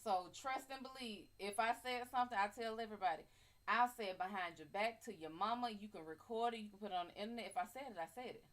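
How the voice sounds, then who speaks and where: A woman's voice: medium pitch, fast, a bit bright. A woman hosting a live tarot stream in casual chat, blunt, profane and brassy, greeting viewers by name and calling them honey.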